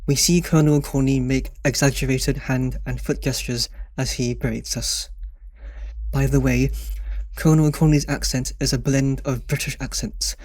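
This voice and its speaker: A man's voice: mid-range voice, fairly even intonation, unhurried, darkish tone, dry recording. A man reading a screenplay's scene directions aloud in a dry, matter-of-fact way. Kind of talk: scripted narration of scene directions.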